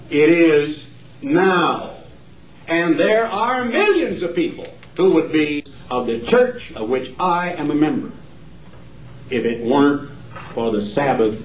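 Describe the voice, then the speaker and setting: Emphatic evangelist preaching in a roomy hall. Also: male voice, a little high, a little hiss or hum. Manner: emphatic, dramatic pauses, mimicking asides. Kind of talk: campaign sermon. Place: large hall. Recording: roomy hall, distant dull mic.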